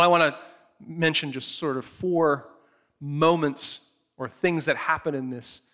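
A man preaching a sermon, retelling a scripture story with animated, acted-out storytelling. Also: on the high side. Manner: animated storytelling, acts out the scene. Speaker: pastor.

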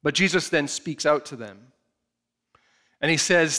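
A man preaching a sermon, retelling a scripture story with animated, acted-out storytelling. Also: fairly high pitch, a little slow, pauses often. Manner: animated storytelling, acts out the scene. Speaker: pastor.

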